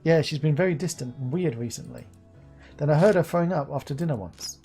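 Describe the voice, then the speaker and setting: A woman's voice: deep voice, a little fast, mellow, breathy edge, faint music behind. A woman reading a weary, worried young man. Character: stressed young man worried about his partner.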